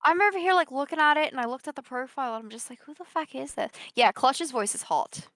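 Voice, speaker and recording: A woman's voice: high-pitched, expressive, fast talker, fairly bright tone, dry recording. Bubbly, swearing woman in dry close sound. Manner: bubbly, laughs often, swears freely, gushing. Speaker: podcast co-host. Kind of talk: casual live-stream podcast chat.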